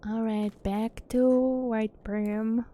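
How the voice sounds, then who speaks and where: A woman chatting playfully while she streams a game, joking and laughing at her own voices, over soft music. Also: fairly high pitch, level tone, very slow. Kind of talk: casual live-stream commentary. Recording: faint game music behind.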